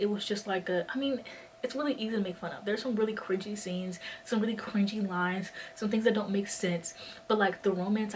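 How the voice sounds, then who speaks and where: A woman's voice: medium pitch, a little hiss or hum. A young woman in her twenties vlogging while walking, chatting in a rambling way full of fillers, a bit out of breath. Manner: rambling, filler-heavy, lots of "like". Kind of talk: casual chat. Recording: distant mic with faint ambience.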